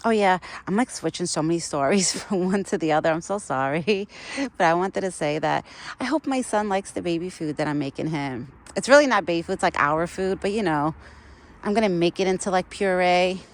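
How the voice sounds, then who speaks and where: A young woman's lowish voice comes across animated and slightly fast as she casually chats for her vlog. She's outdoors in the cold feeding a wild deer, rambling and laughing often.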